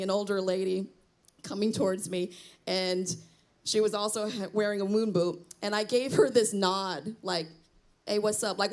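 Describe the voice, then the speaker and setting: A middle-aged woman doing a self-deprecating stand-up comedy set on a small theater stage, chatting with the crowd. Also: medium pitch. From Cambodian heritage.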